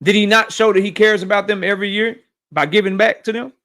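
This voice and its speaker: Bright-voiced man ranting on a boxing livestream. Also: high-pitched. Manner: animated, profane, rapid rants reading chat. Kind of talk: casual livestream commentary.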